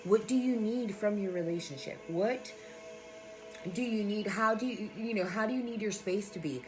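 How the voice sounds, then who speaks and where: An outspoken woman coach talks straight to her viewers in a casual live chat. She is warm-hearted and emphatic, with plenty of swearing, as soft music plays faintly in the background. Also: medium pitch, moderate pace. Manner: emphatic, profane, affectionate. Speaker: spiritual coach and sound healer.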